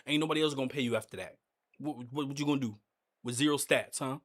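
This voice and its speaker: A hoarse man streaming a football game, ranting frustrated coach talk at his players, loud one moment and mumbling the next. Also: medium pitch, fast talker, background noise. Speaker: gaming streamer. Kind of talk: casual live commentary over a game.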